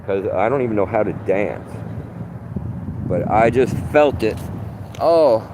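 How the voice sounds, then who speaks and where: A man livestreaming outdoors in a rambling, profane, animated monologue. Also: on the low side, a little slow. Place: outdoors under open sky. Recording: wind noise on the mic.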